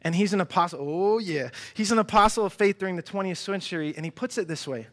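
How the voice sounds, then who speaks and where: A young man preaching a sermon in a church, animated and chatty, often restarting his sentences and acting out quoted voices. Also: high-pitched, fast talker. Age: young adult. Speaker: pastor. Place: church hall.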